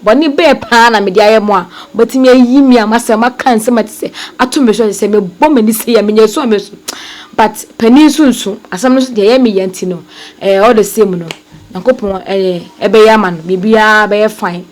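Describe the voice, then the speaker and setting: A woman's voice: mid-range voice, brisk. A Ghanaian woman hosting an online show, talking to her viewers as family and mixing two languages. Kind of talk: commentary to viewers.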